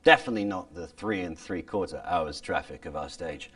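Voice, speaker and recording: A man explaining the old pronunciation in an animated way, sometimes stopping to demonstrate lines of verse. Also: sits low, brisk, recorded from a distance. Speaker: speaker on original pronunciation. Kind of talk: lively explanatory talk with reading demonstrations.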